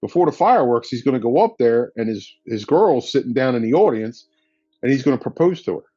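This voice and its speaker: A man's voice: mid-range voice, very animated, fairly quick, mellow, dry recording, lo-fi sound. A man, a firefighter guest, telling a story in a blunt, casual way with slang and swearing. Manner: blunt and profane, drops in slang.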